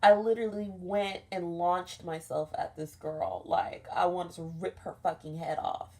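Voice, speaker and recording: A woman's voice: fairly low pitch, steady tone, measured pace, a little mellow. A young woman telling a dream story in a casual, rambling way, swearing often and saying "like" a lot. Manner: rambling, profane, frequent "like" fillers. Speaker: vlogger recounting a dream.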